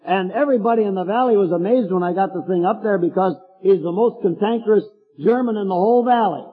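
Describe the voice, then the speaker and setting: A man's voice: high voice, fast talker, slightly rough, soft background music. An older man preaching a folksy storytelling sermon with chuckling asides, heard through a tinny, echoey hall recording.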